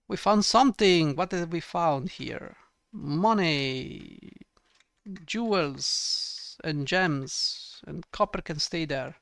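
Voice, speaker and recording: A man's voice: fairly high pitch, fairly bright tone, dry recording. A man giving ranting gameplay commentary, exasperated and sarcastic, swearing often. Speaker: let's play gamer.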